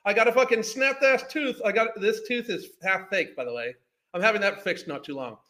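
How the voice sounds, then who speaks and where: A man's voice: sits high, brisk, bright, forceful tone. A man, ranting in a heated, profane, scornful way as a podcast host. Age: 50s. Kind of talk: ranting commentary.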